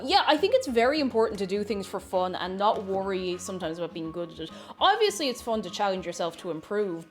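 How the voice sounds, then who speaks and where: A woman chatting casually and playfully while baking on a live stream, rambling and chuckling as she goes. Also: medium pitch.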